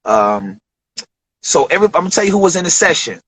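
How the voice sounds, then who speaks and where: Slightly high and a little fast, with a breathy edge, this man's voice comes through a rough recording. He's a rapper from Detroit telling studio stories in a relaxed interview, vividly acting out quoted voices and cursing freely.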